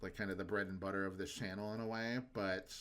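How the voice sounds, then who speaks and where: A man's voice: low-pitched, flat delivery, fast, a bit bright, clear, resonant tone. Young male podcast co-host, laid-back and chatty. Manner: laid-back, quotes cartoon lines in funny voices. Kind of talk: casual chat.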